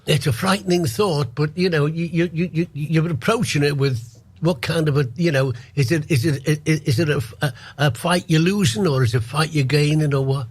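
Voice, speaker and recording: A man's voice: a little high, steady tone, a little fast, hardly any pauses, breathy edge, no echo. A man hosting a radio interview, often stumbling over his words and restarting. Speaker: radio host.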